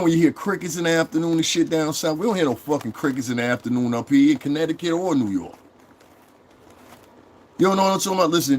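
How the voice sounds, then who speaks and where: Man ranting angrily on a livestream. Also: medium pitch. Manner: angry, profane, repetitive ranting. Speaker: online streamer. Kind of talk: livestream rant to chat.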